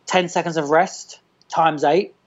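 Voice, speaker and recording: A man talking as a fitness trainer in a casual podcast chat, loose and animated, full of restarts and "like". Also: a little high, measured pace, highs cut off.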